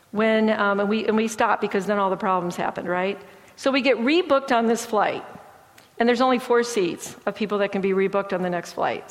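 A woman giving a sermon-style testimony, telling stories in a lively way and acting out what people said. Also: medium pitch. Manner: lively storytelling, acting out quoted speech. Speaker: speaker sharing testimony. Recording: long hall reverb.

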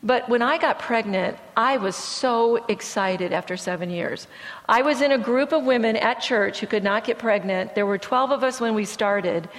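A middle-aged woman from Michigan, a therapist, giving an animated personal testimony talk at a church event and softening her voice for serious asides. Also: a little high, moderate pace. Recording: long hall reverb.

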